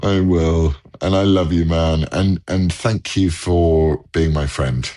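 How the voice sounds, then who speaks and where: A man's voice: sits low, fairly even intonation, slow, warm tone. A man co-hosting a casual chat from home over a video call, earnest and rambling, often restarting his sentences. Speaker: co-host.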